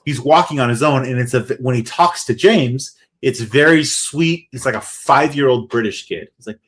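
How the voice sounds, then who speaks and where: A man's voice: mid-range voice, moderate pace, few pauses, a bit bright. A man co-hosting a podcast, casually recapping a horror movie with lots of restarts and fillers. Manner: rambling, many restarts and fillers. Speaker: podcast co-host.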